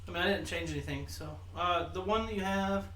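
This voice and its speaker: A man hosting a tabletop game, calmly explaining the rules to his players. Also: high voice, fairly quick. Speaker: host, game master. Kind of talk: casual tabletop game chat.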